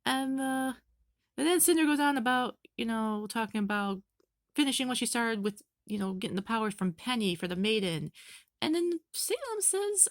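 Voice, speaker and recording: Excitable, rambling woman fan reviewer. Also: fairly high pitch, unhurried, no room sound, studio quality. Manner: excitable, rambling with many fillers. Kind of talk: casual recap.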